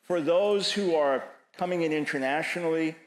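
A man's voice: on the high side, moderate pace, reverberant, rough recording. A man, preaching and taking audience questions, emphatic and repeating his phrases as he quotes scripture. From New York. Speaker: speaker answering audience questions.

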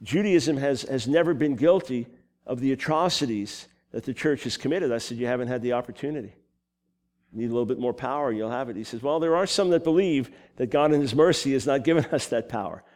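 A man from New York with a New York accent, preaching a sermon full of personal stories, animated and quick with asides. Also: mid-range voice. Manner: animated storytelling, quick asides and self-corrections.

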